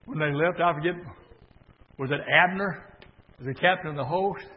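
A male preacher delivering a sermon in a church, building from steady talk into shouted bursts. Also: fairly high pitch, normal speed. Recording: dull recording in a reverberant church.

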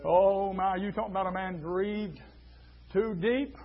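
A high-voiced preacher man shouting. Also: steady tone, lo-fi sound. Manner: fiery preaching that swings from hushed to shouting, drawn-out words. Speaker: pastor. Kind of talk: sermon.

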